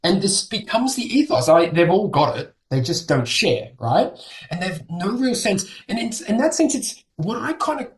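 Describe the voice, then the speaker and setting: Lively male historian explaining at length. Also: sits high, normal speed, slight background noise. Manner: animated, acts out quoted voices. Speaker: historian guest. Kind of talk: explanatory lecture-style talk.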